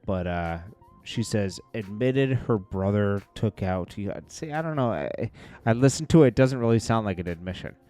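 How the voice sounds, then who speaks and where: Low-voiced man in casual commentary. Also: lively intonation, moderate pace, dark tone, faint music behind. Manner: casual, rambling, chuckling asides. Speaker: host. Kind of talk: celebrity news commentary vlog.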